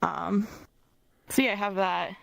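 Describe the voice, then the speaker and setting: A woman's voice: medium pitch, measured pace, vocal fry, fairly bright tone, no echo, poor audio. A woman casually showing off an avatar she made, chatty, with many fillers and a fond way of talking about it. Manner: chatty, full of fillers, fond of the word little. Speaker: avatar creator showing her work. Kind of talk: casual show-and-tell.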